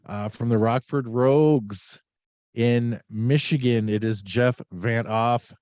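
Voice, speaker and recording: A man's voice: medium pitch, slow pace, a little mellow, no room sound. A man hosting a podcast in casual chat, a little under the weather, rambling and joking with many fillers. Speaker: podcast host.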